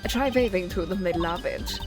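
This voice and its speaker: Woman doing a smooth flirty german-accent rockstar prosecutor, cocky, game music behind. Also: lowish voice, a little fast, close to an everyday voice. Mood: smug. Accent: put-on German.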